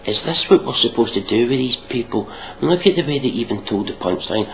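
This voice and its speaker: A man's voice: medium pitch, animated, a little fast, fairly bright tone, a little hiss or hum, poor audio. A man hosting a casual reaction video, mocking and sarcastic, swearing freely.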